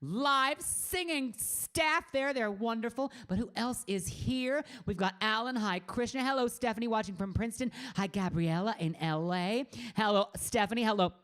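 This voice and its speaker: A woman's voice: mid-range voice, moderate pace, hardly any pauses. A middle-aged woman hosts her own live stream from a room at home. She chats in a bubbly, campy way, welcoming her viewers one by one. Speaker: singer hosting a live stream. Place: home room with a green screen.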